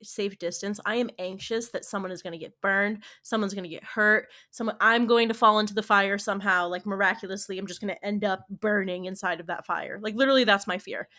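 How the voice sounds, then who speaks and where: A woman's voice: mid-range voice, fairly even intonation, brisk, hardly any pauses, sharp tone. A woman co-hosting a podcast, talking casually and explaining things with lots of fillers and quoted asides. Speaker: podcast co-host.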